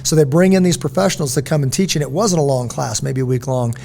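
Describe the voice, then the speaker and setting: This is a middle-aged man hosting a relaxed podcast, animated as he tells stories and voices the quotes himself. His mid-range voice is gravelly and quick, with a faint hiss or hum behind it.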